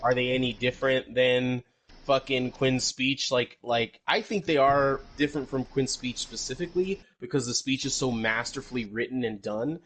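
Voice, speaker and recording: A man's voice: medium pitch, normal speed, a bit bright, low-quality recording. Casual man on a podcast. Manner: rambling, swears, acts out movie lines. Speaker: podcast co-host.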